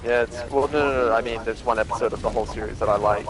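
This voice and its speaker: A man chatting on a game stream, speaking softly and hesitantly. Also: mid-range voice, fairly even intonation, rapid-fire, crowd noise, low-quality recording. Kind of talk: casual chat.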